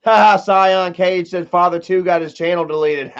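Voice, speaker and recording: A man's voice: high voice, steady tone, moderate pace, few pauses, dull audio. A man telling a long personal story on a livestream, rambling and cursing, full of "you know" and "bro.". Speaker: streamer.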